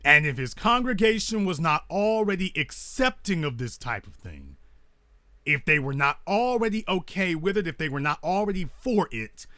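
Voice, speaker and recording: A man's voice: high-pitched, bright, forceful tone, no room sound, clean studio sound. A man hosting a commentary monologue, repeating his points with rhetorical emphasis like a preacher and sounding indignant and scornful. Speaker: host.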